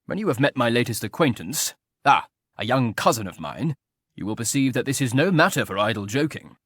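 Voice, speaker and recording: A man's voice: medium pitch, very animated, brisk, a bit bright, no echo, studio quality. A man reading an audiobook voices an idle, teasingly ironic aristocratic marquis who talks in a mock-mournful drawl.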